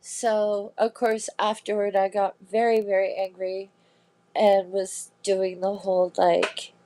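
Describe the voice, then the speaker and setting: A woman's voice: mid-range voice, level tone, slow, dark tone, a little hiss or hum, rough recording. A woman hosting a casual chat, telling a story with indignation and swearing. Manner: indignant, swearing, acts out quotes. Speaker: host.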